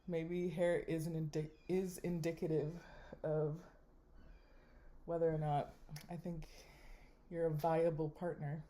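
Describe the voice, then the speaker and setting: Wry, slow-talking young woman. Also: on the low side. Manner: wry, deadpan running commentary. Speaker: vlogger. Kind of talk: casual chat while swiping a dating app.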